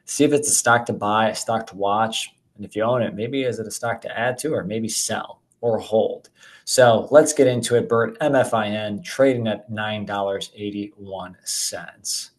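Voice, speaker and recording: A man co-hosting a dividend investing show in casual chat, energetic and jokey, talking straight to viewers. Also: on the low side, normal speed, low-quality recording.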